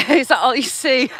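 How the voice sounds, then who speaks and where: A woman hosting a casual live stream, caught in a helpless snorting laughing fit as she greets viewers by name. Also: high-pitched. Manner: giggly, self-mocking, greets viewers by name. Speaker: livestream host.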